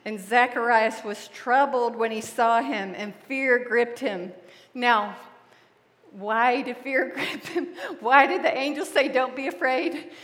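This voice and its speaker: Animated middle-aged woman teaching in a reverberant hall. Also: on the high side, slow pace. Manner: animated, laughs often while telling stories. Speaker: Bible teacher. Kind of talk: storytelling Bible teaching.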